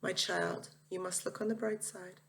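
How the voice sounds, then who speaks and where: A woman voicing a loving mother who softly soothes her son and gently jokes with him. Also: lowish voice, steady tone, moderate pace, gravelly. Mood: soothing. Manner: soft, hushed, soothing.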